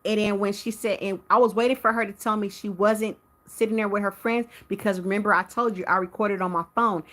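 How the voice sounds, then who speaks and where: A woman with a bright, forceful voice recounts a run-in with a neighbor on a live stream. Her pitch sits in a middle range. She talks straight to her viewers, heated and animated. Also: brisk. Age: adult with a teenage son. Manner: addresses viewers directly. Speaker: livestream host.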